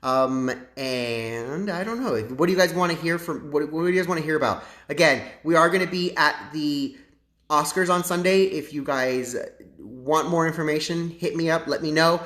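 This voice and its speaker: A man's voice: a little high, normal speed, a bit bright. A man hosting a casual livestream and chatting to his viewers in a sassy, campy way. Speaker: livestream host. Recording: echoey room.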